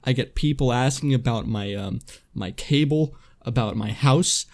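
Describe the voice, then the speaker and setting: Young man, podcast host, casual crude chat, storytelling, mid-pitched. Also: moderate pace, creaky, darkish tone.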